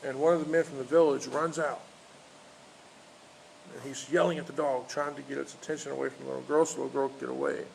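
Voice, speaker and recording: A pastor delivers a loose, unscripted sermon in a gravelly voice, stopping and restarting as he goes. He tells his story plainly, with many fillers. Faint background noise sits under his voice. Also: medium pitch, steady tone, fast talker, a little mellow, rough recording. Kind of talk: informal outdoor sermon with storytelling. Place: outdoors in a park.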